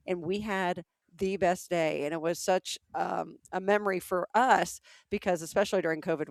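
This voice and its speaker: A woman's voice: lowish voice, dry recording. A middle-aged woman from the American South, co-hosting a podcast and telling anecdotes in casual chat, acting out the voices of people she quotes. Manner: animated storyteller, acts out quoted voices. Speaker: podcast co-host.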